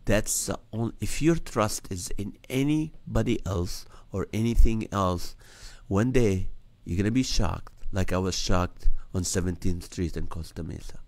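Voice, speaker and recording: Deep-voiced and a little mellow, this comedian recounts a personal story as testimony on his nightly live show, acting out dialogue with earnest energy. He speaks at a measured pace with lively intonation and few pauses, and there's no echo.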